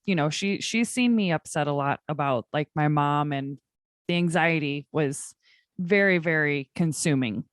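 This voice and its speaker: Candid lower-voiced woman guest. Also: measured pace, no echo, studio quality. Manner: candid, chatty, with frequent fillers. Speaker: podcast guest. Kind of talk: conversational interview.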